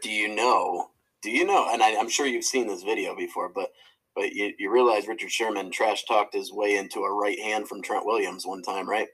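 A man with a low, husky voice trades sports stories on a casual podcast. He rambles and backtracks as he talks, and laughs easily. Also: steady tone, normal speed, a bit bright, rough recording. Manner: rambling, laughing, many restarts. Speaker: podcast co-host.

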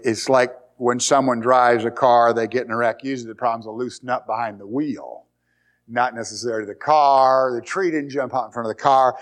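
A man preaching a sermon, reading scripture aloud and retelling the story in an animated way. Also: mid-range voice. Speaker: pastor.

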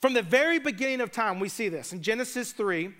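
A man's voice: sits high, expressive, a little fast, a bit bright. A man preaching a sermon, retelling scripture in a casual, joking way with conversational asides. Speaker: pastor.

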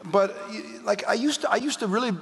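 A man's voice: high voice, brisk, vocal fry, fairly bright tone, some chatter behind, a little hiss or hum. A middle-aged American man preaching a sermon, mixing scripture with jokes and mock outbursts. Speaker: pastor. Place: church hall. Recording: long reverb of a hall.

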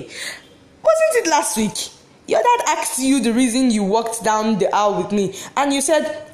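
A woman acting a dramatic monologue as a heartbroken wife who refuses a divorce, swinging between giddy laughter and bitter sarcasm. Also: fairly high pitch. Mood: manic. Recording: echoey room.

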